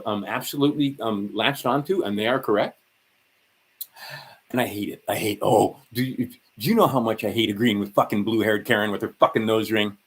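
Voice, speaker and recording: A man's voice: lowish voice, husky. A man ranting sarcastically and profanely on a livestream, rambling and tired. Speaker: livestream host.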